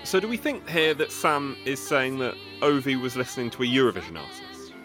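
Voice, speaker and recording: A man's voice: mid-range voice, expressive, brisk, over music. A man co-hosting a podcast, making wry, joking asides. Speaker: podcast co-host. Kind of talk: casual podcast chat.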